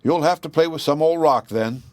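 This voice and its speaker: A man's voice: fairly high pitch, normal speed, darkish tone, dry recording, voice pushed up, close to an everyday voice. A man voicing a small, determined boy who speaks eagerly and a little cocky.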